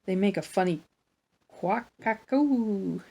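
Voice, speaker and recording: A woman with a gravelly, low voice reading a children's Bible story aloud for a church. She tells it slowly and gently, adding small asides of her own.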